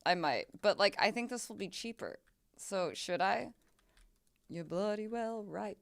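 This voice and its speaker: A woman's voice: medium pitch, expressive, unhurried, creaky. Chatty young woman streaming a game. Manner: chatty, swearing, laughing, exclamations. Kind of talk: casual gameplay chat.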